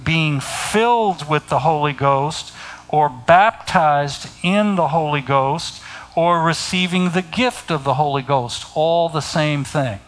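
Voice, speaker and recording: A middle-aged man delivering a sermon in a slow, unhurried cadence. His voice sits a little high for a man. He speaks deliberately and keeps pointing his listeners to scripture. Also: low-quality recording. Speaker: preacher.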